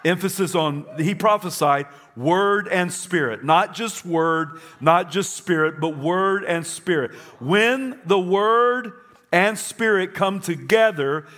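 A pastor preaches to his congregation in church, emphatic and repetitive, getting them to say phrases back to him. His voice sits high, a bit bright, and he goes slowly.

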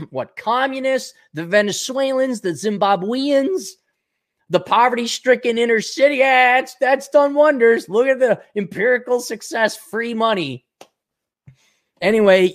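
A man's voice: fairly high pitch, no echo, clean studio sound. A man hosting his own talk show, ranting sarcastically and profanely, rambling with frequent restarts. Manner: sarcastic, profane, mocking voices. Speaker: podcast host.

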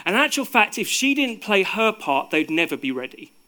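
A man telling a story to an audience, with hesitant fillers, dropping soft for suspense. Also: high-pitched, very animated, a little fast. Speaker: speaker. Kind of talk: storytelling talk.

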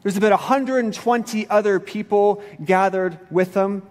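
A man's voice: sits high, fairly even intonation, normal speed, a little mellow, in a large hall. A male pastor giving a sermon in a church, casual and conversational with everyday slang. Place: church sanctuary.

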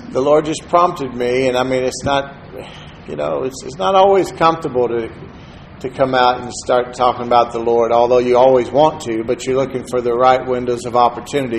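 A preacher, giving a sermon in a relaxed, conversational storytelling manner and dropping into soft-spoken asides. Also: male voice, medium pitch, moderate pace, slight background noise, poor audio. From Texas, USA.

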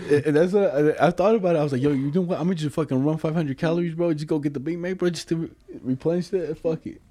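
A young man rattles off a story at a quick clip, laughing as he goes and leaning on slang and fillers. His voice is warm and mellow. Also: fairly high pitch. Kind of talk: casual chat.

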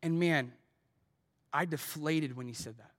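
A man's voice: fairly high pitch, a little slow. A man preaching a sermon as pastor, earnest and personal, asking his congregation direct questions and telling stories from his own life.

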